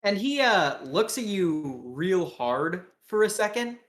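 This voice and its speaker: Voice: mid-range voice, big pitch swings, takes it slowly, reverberant. A game master narrating a tabletop game in a loose, filler-heavy, laid-back way.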